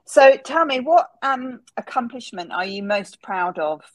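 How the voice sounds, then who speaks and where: A woman hosting a podcast interview, asking questions and responding with soft, affirming remarks. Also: fairly high pitch, expressive, unhurried. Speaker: podcast host. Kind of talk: casual interview chat.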